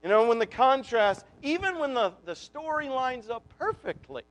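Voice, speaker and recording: A man's voice: extremely high pitch, sing-song, moderate pace, fairly bright tone. A male preacher giving a conversational sermon full of rhetorical questions. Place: church.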